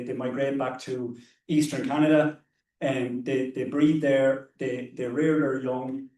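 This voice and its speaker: An Irish man tells anecdotes on a panel, his mellow voice tripping over repeated words. He is picked up from some distance away. A roomy echo surrounds him. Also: medium pitch. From Ireland. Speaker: conservationist panelist. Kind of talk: panel discussion. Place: hall or seminar room.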